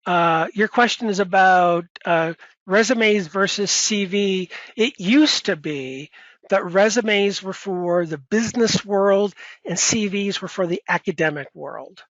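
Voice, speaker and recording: A man's voice: high-pitched, a little slow, fairly bright tone, dry recording, highs cut off. A man, a professor, answering audience questions in a webinar in a conversational way, with many fillers and self-corrections. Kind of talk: webinar Q&A advice.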